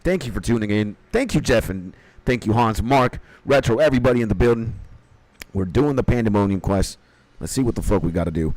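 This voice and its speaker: Young dude streaming a game, talks to chat, swears a lot, dry mic. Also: male voice, on the low side, lively intonation, brisk, darkish tone, no echo, poor audio. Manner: swears casually, greets chat viewers by name. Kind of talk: casual live-stream chat and reading game dialogue.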